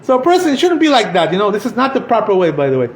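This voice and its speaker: High-voiced rabbi in an echoey room. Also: male voice, wildly swooping pitch, rapid-fire, slight background noise. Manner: conversational, constantly says "you know", mixes in Hebrew terms. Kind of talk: informal Torah class.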